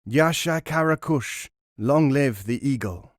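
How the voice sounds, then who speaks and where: A man's voice: medium pitch, normal speed, no echo, studio quality, close to an everyday voice. A man doing a defiant old Afghan peasant. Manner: fierce, defiant shouting. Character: Afghan peasant man over sixty, proud, bitter.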